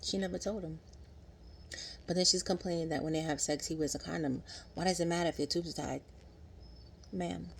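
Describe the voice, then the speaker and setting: A woman in her thirties recapping a TV episode in casual, animated vlog commentary, acting out quotes. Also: fairly quick, gravelly, long pauses, a little hiss or hum. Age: 30s. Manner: chatty, animated, acts out quotes in higher voice. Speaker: vlogger.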